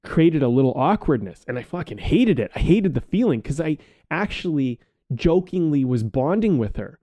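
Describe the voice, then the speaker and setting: Man in a podcast chat, warm mellow voice, dry close mic, muses out loud and curses casually. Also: fairly high pitch, very animated, normal speed, dry recording. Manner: reflective, rambling, swears casually. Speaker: podcast co-host.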